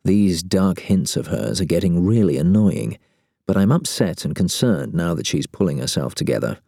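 A man's voice: low-pitched, expressive, normal speed, creaky, dark tone, breathy edge, no echo, studio quality. A man narrating a first-person novel in a wry, sardonic manner as an audiobook reader.

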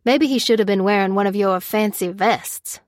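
Bitter male medic played by a woman, folksy, sly, voiced up a little loud. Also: high voice, moderate pace, no echo, studio quality, lightly acted.

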